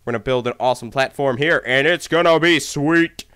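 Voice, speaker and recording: A man commentating his gameplay in an excited, hyper way, often repeating himself. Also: mid-range voice, a little fast, smooth. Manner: hyper, exclamatory, repeats phrases. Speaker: let's play gamer.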